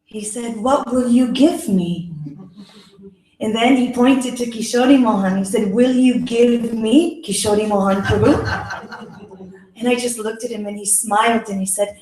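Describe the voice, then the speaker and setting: A woman's voice: on the high side, a little slow, a little hiss or hum. A woman telling a personal story at a kirtan gathering, acting out the quoted voices and laughing often. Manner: animated, acts out quoted dialogue, laughs often. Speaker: kirtan leader. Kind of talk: storytelling talk. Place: yoga center hall. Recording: echoey room.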